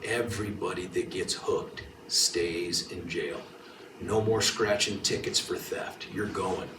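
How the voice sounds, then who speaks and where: A man's voice: medium pitch, slight background noise. A man giving a speech as district attorney to a political club, telling stories and acting out the quotes. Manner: animated storytelling, acting out quotes. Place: meeting hall. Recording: echoey room, mic at a distance.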